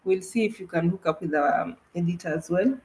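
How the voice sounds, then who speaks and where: A woman's voice: lowish voice, fairly quick, a little mellow, roomy sound, poor audio. A woman from Kenya, a travel vlogger, chatting casually and animatedly with her co-host about her trip, with frequent restarts. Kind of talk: casual livestream chat.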